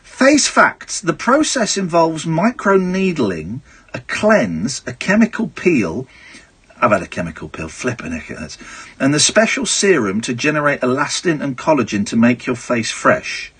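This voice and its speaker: A man hosting a late-night radio show, joking in an irreverent, animated way. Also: fairly high pitch, measured pace, husky. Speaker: radio host. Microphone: studio microphone.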